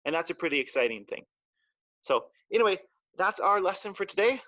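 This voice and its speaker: A man's voice: sits high, big pitch swings, a little fast, bright, forceful tone, dry recording, muffled recording. A martial arts teacher, a man, giving a playful lesson to children and acting out little voices. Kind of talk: talk to children in class. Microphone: livestream mic.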